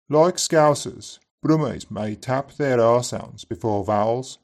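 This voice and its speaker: A man teaching an accent lesson in scripted narration, saying each example word slowly and carefully, often twice. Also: mid-range voice, vocal fry.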